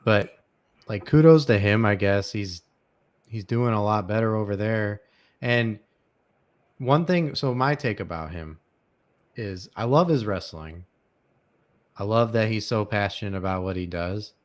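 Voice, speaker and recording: Young male podcast host, lowish voice that cracks, rambling opinionated chat. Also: measured pace, pauses often. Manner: rambling, opinionated, with many fillers and restarts. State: voice cracking, dry throat. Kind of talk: casual chat.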